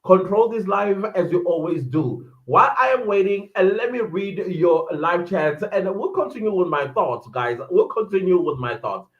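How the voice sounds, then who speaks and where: Casual South African male streamer, raised pitch, reads out the chat and reacts, dull lo-fi mic. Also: animated, moderate pace, few pauses. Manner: chatty, reads viewer chats aloud and reacts. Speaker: live-stream commentator. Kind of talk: casual live-stream commentary.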